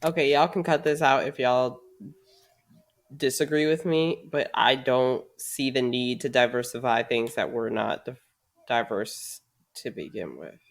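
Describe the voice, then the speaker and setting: A woman's voice: rumbling low, measured pace. A woman co-hosting a podcast in casual chat, blunt and outspoken, swearing freely. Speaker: podcast co-host.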